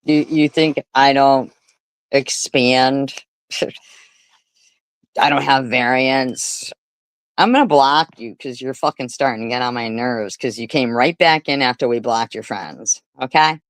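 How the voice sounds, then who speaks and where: A woman's voice: rumbling low, a little slow, no room sound. A woman hosting a livestream, talking casually and sarcastically back at commenters. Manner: sarcastic and confrontational. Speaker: livestream host.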